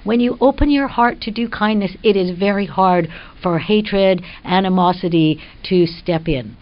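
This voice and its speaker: A woman's voice: mid-range voice, moderate pace. An older woman speaks as a guest on a talk radio show. She tells a personal story in an earnest, reflective way. The sound is dull and lo-fi. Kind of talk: spiritual conversation on radio.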